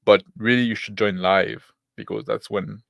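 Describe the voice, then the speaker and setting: A man's voice: on the low side, steady tone, moderate pace, creaky, no room sound. A man with a non-native English accent hosting a stream, talking loosely with laughs and swearing. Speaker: stream host. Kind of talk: casual stream chat.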